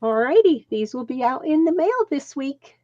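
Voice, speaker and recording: A woman in an online art group who is losing her voice, chatting in a brisk, friendly way. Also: sits high, big pitch swings, mellow, dry recording. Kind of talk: casual chat. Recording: dull, lo-fi call audio.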